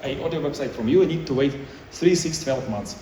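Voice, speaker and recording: A man's voice: mid-range voice, fast, warm tone, slight background noise. Man speaking at a conference, echoey hall. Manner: non-native English, choppy phrasing with restarts. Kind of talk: conference talk. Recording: echoey hall, mic far off.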